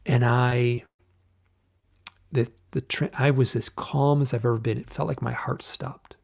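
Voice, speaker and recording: A man telling a personal story in an interview, halting and restarting often, acting out the voices of the people he quotes. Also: mid-range voice, steady tone, vocal fry, darkish tone. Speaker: guest.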